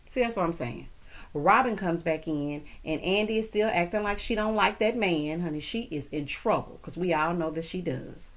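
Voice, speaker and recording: A woman's voice: lowish voice, lively intonation, normal speed. Sassy chatty woman recapping a show. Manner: sassy, chatty, laughs often. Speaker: TV recap host. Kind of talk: casual episode recap.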